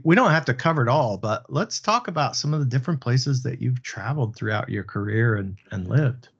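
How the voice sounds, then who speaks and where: A man hosting an interview, asking questions in a relaxed, hesitant way with many fillers. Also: lowish voice, husky. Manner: friendly, hesitant, filler-heavy. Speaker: interview host. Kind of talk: casual conversational interview. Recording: dull lo-fi audio.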